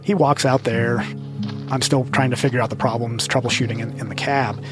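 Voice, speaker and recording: Male storyteller, mid-pitched voice, earnest and halting, recounting a first-person account over clear music underneath. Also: steady tone. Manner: earnest, halting, with small restarts. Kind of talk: first-person true-story telling for a podcast.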